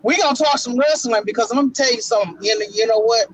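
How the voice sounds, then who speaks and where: A man co-hosting a casual wrestling talk show, talking in an emotional, preacher-like way with dramatic pauses. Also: very high voice, dry recording, rough recording. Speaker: podcast co-host.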